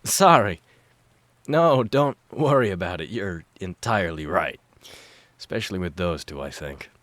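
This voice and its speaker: A man's voice: deep voice, animated, a little slow, fairly bright tone, no room sound. A man reading a storybook and voicing a tired, sardonic young man who speaks dryly and a little hesitantly. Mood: wry.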